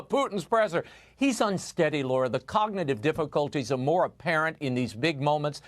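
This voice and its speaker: A man giving sarcastic, opinionated political commentary on a TV show. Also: fairly high pitch. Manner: sarcastic, mocking.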